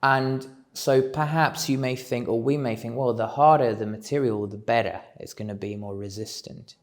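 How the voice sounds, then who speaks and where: A man at home giving a reflective solo talk, measured and musing as he thinks aloud. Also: mid-range voice. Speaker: speaker on self-development.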